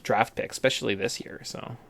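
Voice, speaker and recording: A man's voice: mid-range voice, fairly even intonation, fairly quick, vocal fry, fairly bright tone. A man co-hosting a casual sports podcast, rambling through his points with frequent restarts. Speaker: podcast co-host.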